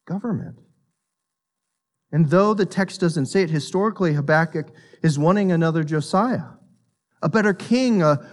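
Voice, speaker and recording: A man preaching a sermon, earnest and emphatic, repeating words as he builds a point and sinking low and quiet on solemn lines. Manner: repeats words while thinking. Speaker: pastor.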